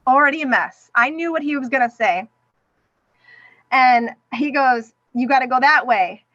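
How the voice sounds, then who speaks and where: A middle-aged woman appears as a podcast guest, recounting an emotional personal story at a moderate pace in a high voice. She is animated and acts out the voices of people who spoke to her. The recording sounds dull and dry.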